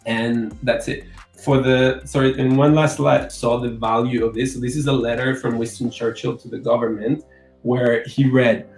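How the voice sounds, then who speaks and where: A man's voice: mid-range voice, level tone, normal speed, darkish tone, reverberant, soft background music, poor audio. A man finishing a webinar presentation, feeling unwell and speaking hesitantly with fillers. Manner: hesitant, with fillers and self-corrections. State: unwell, needs cough medicine. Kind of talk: presentation wrap-up.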